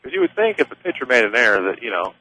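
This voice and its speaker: A man calling play-by-play for a high school baseball game on local radio, easygoing and chatty. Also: racing, a little hiss or hum, low-quality recording. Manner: easygoing, chatty, excited on big plays. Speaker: play-by-play announcer.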